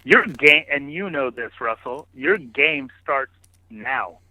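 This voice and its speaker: A man, a podcast guest, telling stories in casual, animated interview talk. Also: medium pitch, slow, no room sound. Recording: phone-like narrow line, dry.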